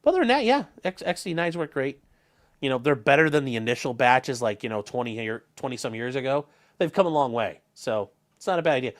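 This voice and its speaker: With big swings in pitch around a medium range, this man talks fairly quickly while hosting a relaxed livestream. His Northern Ohio accent comes through as he reads chat, jokes around, swears freely, and rambles off on tangents.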